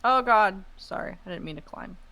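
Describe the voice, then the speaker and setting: A woman's voice: medium pitch, lively intonation, moderate pace, creaky, pushed and bright. A woman playing a tabletop game, flustered and apologetic, swearing casually as she takes her turn. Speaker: player.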